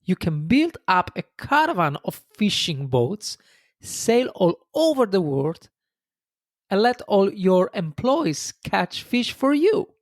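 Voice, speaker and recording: A man's voice: high voice, big pitch swings, takes it slowly, dry recording, studio quality, voice pushed up, exaggerated voice. A man voicing an impatient businessman who lectures and insists. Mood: lecturing. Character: pushy, impatient male businessman, growing angry.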